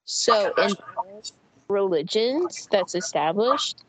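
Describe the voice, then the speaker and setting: A woman's voice: mid-range voice, animated, slow pace, noisy background. A woman co-hosting a casual podcast, chatting in a rambling way with many fillers. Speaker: podcast co-host.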